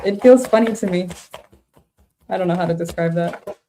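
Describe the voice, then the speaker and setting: A woman's voice: on the low side, moderate pace, warm tone, a little hiss or hum. A woman doing a casual tarot reading, thinking aloud with frank, laughing reactions. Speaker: tarot reader.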